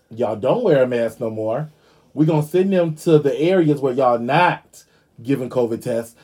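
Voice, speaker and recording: A man hosting a podcast in casual commentary, sassy and animated, swearing freely. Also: fairly high pitch. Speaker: podcast host.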